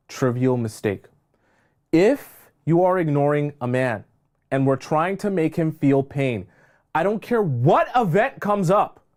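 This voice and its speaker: A man's voice: mid-range voice, darkish tone. A man coaching on dating in a live stream, emphatic and scolding, repeating phrases for stress. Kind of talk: live-stream relationship advice.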